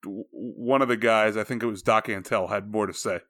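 A man's voice: fairly low pitch, fairly even intonation, brisk, a bit bright, no echo, clean studio sound. A man co-hosting a casual podcast, chatty and loose, full of "like" fillers. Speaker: podcast co-host.

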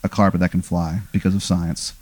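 A man hosting tells an improvised story casually, meandering with many fillers and restarts while acting out the characters' quoted lines. His voice sits low and a little mellow with little pitch movement, brisk in pace, on a dry recording.

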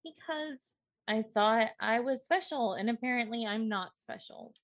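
A woman voicing a lonely, gentle young woman in a tabletop role-play, speaking softly and earnestly. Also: on the high side, a little slow, no echo, dull audio, natural voice. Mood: hurt.

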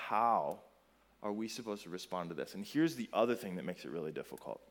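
Animated male pastor preaching on parenting. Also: mid-range voice. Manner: conversational storytelling, animated and emphatic. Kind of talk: sermon.

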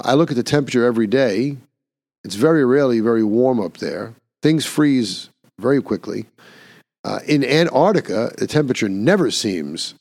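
A man's voice: on the low side, vocal fry, darkish tone. An older man hosting a podcast, delivering an emphatic, scornful opinion monologue. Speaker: podcast host.

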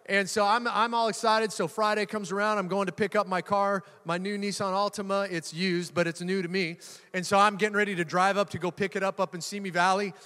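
A middle-aged pastor preaching to his church, his voice sitting high for a man. He tells stories with playful humor and now and then punches a phrase hard for emphasis. The sound carries a long reverb, as in a large hall. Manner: lively storytelling with laughs and bursts of emphasis. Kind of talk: sermon.

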